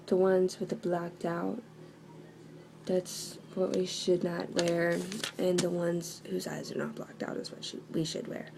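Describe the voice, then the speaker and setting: A young woman vlogging indoors at home with a slow, unhurried delivery and a gravelly, creaky edge. She is sarcastic and hesitant, filling gaps with ums, and faint background noise sits behind her. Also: mid-range voice. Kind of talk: casual video monologue.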